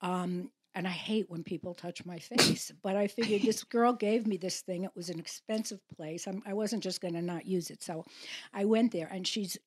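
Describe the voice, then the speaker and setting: A woman's voice: on the low side, normal speed, noisy background. An older woman, a mother, telling wry stories in a casual family chat. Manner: wry, animated storyteller. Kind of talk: casual storytelling.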